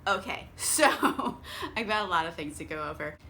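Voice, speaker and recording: A woman's voice: lowish voice, lively intonation, normal speed, bright, forceful tone, slight background noise. A tipsy young woman recapping a book in a profane, rambling way and laughing often. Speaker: book vlogger.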